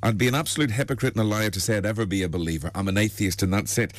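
A man's voice: lowish voice, no echo, clean studio sound, close to an everyday voice. A man doing a blunt, stubborn atheist. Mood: defiant. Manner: blunt, quick. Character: defiant, stubborn male atheist in danger.

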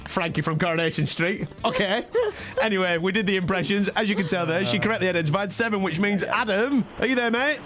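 A man's voice: high-pitched, fast talker, music in the background. A man hosting a radio breakfast show, teasing his guest and doing silly impressions. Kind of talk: playful radio banter.

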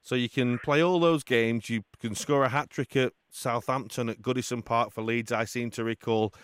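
A man's voice: mid-range voice, fairly even intonation, moderate pace, smooth, no room sound. A man hosting a football radio show, presenting in a jokey way and laughing often with his guests. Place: radio studio.

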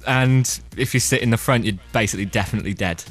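A man's voice: mid-range voice, fast talker, faint music behind. A young man hosting a radio show, chatty and teasing with his guests. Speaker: radio presenter. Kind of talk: casual radio phone chat.

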